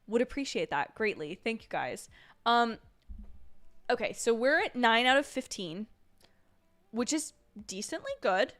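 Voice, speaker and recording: A young woman hosting a casual watch-along livestream, chatty and rambling, with quick apologetic asides and a sleepy edge. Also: on the high side, big pitch swings, a bit bright. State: sleepy, yawning. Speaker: livestream host.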